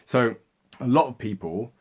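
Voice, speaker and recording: A man's voice: mid-range voice, lively intonation, measured pace, darkish tone, breathy edge. A man answering viewer questions in a loose, casual way, with many fillers and restarts as he thinks aloud. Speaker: history video creator answering viewer questions. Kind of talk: casual Q&A chat.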